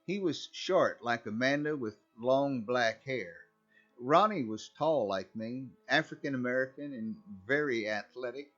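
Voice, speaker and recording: A man narrates a first-person horror story in a conversational, wry way, at an ordinary pitch for a man. The recording is a little dull and muffled. Faint background music runs under his voice. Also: animated, unhurried, fairly bright tone.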